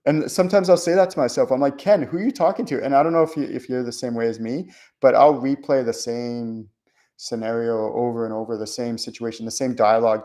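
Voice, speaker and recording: A man hosting a spiritual show, talking casually in a rambling, animated way with many fillers and restarts. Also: medium pitch. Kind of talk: casual teaching monologue.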